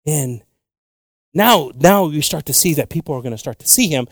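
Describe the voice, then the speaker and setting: A male preacher gives a sermon in two languages, moving back and forth between Spanish and English. His voice sits a little high and rises and falls freely as he makes joking asides. The sound is dry and close. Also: animated, normal speed, dry recording. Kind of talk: bilingual sermon.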